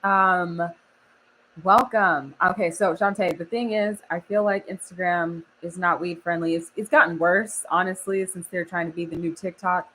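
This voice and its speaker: A woman's voice: on the low side, steady tone, moderate pace, fairly bright tone, a little hiss or hum, low-quality recording. A young woman from Oklahoma chatting casually on a live stream, laughing often and reading the chat aloud. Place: home studio.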